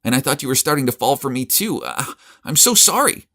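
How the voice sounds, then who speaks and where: A man's voice: mid-range voice, very animated, brisk, bright, forceful tone, pitched above the performer's own voice, full character voice. A man doing a scheming young woman. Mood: pleading. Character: scheming young woman, vengeful then pleading.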